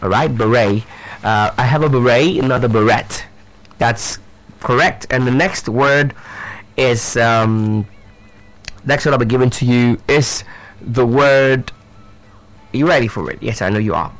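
A man with a medium-pitched, fairly bright voice runs a live pronunciation drill for teachers. He spells words out letter by letter and speaks straight to the audience, drawing things out in an instructive way, with plenty of fillers, repetition, and rhetorical questions.

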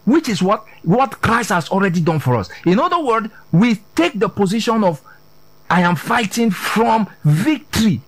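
Lively high-pitched male preacher. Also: dry recording, rough recording. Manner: repeats "are you getting this?" to the congregation; emphatic, drops low on key words. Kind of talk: sermon.

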